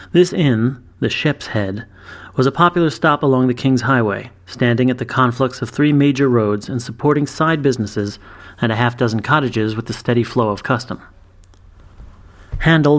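A man narrating a fantasy story in a measured, even reading voice. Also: mid-range voice. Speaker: story reader. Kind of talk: scripted narration.

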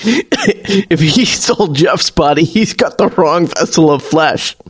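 A man's voice: on the high side, steady tone, measured pace. A man doing a crude, swearing slacker dude. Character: scrawny slacker young man, crude and lazy.

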